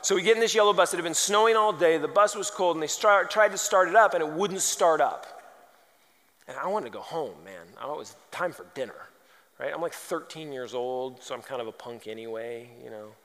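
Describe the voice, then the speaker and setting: A man's voice: a little high, expressive, a little fast, fairly bright tone. A man preaching a sermon, firing off rhetorical questions and telling humorous stories. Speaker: pastor. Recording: long hall reverb.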